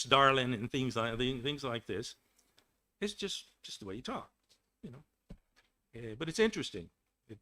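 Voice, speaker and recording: An older man from Texas, but with no regional accent, speaks casually over a video call. His tone is bright and forward, and he wanders through his points with repeated words and restarts. A nagging throat makes him clear it from time to time. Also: mid-range voice. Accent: none, general American. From Texas, United States. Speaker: webinar guest speaker. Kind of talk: casual lecture.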